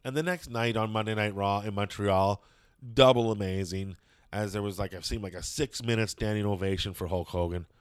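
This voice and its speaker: A man's voice: lowish voice, steady tone, brisk, clean tone, dry recording, clean studio sound. A man chatting casually and opinionatedly as a show host, rambling with lots of fillers and some swearing.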